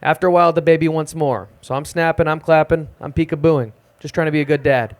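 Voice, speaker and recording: A young man doing a self-deprecating, deadpan stand-up set at an open mic in a small music club. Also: on the high side, fast. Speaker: stand-up comedian.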